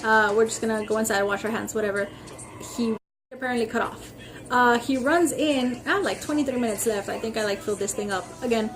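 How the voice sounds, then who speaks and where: A woman's voice: a little high, fast, a little hiss or hum. A young woman ranting casually to her camera as a vlogger, rambling with lots of "like" and "freaking" and acting out the other people in her stories. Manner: animated storytelling, acting out others' lines.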